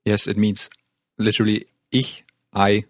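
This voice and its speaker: A man's voice: on the low side, little pitch movement, measured pace, no room sound, clean studio sound. A man teaching in a language lesson, explaining patiently and simply.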